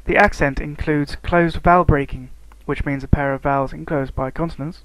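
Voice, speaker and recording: A man narrating a scripted lesson on language variation, reading steadily and slowing down to spell out example words. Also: a little high, fairly even intonation, fairly bright tone, dry recording, low-quality recording. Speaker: student narrator.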